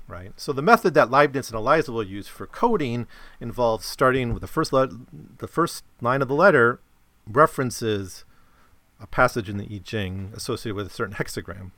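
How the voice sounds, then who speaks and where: A man's voice: on the low side, fairly bright tone, no room sound. A man giving a casual explanatory talk about a novel, often checking in with listeners by asking "right?". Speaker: lecturer on a novel.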